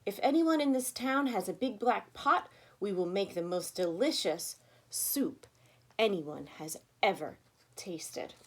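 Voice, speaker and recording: Boastful traveling cooks, grand announcer manner, animated delivery, a woman voicing them. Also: mid-range voice, unhurried.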